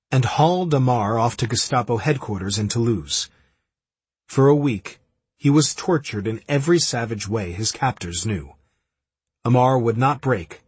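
A man narrates a wartime history in a grave, measured way. His voice is very husky and breathy at a middle pitch. He was recorded close on a dry, dead-sounding mic. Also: dry recording. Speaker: audiobook narrator. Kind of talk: scripted narration.

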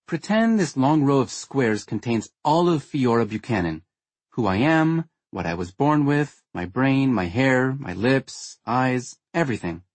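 A man's voice: medium pitch, expressive, measured pace, dry recording, pitched above the performer's own voice. A man doing a blunt teasing young woman. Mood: explaining playfully. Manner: frank, lightly sarcastic lecturing.

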